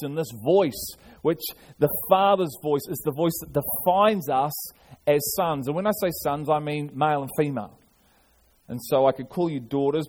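A man's voice: a little high, darkish tone. A man preaching a sermon, earnest, often restarting and repeating his words. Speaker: pastor.

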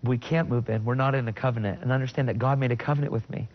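A middle-aged man tells his personal faith testimony with earnest emotion. He sits at an ordinary pitch for a man, but his voice leaps high in sudden bursts when he quotes his own words. The recording is a little dull and lo-fi. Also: fairly even intonation, very fast. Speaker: guest sharing his testimony.

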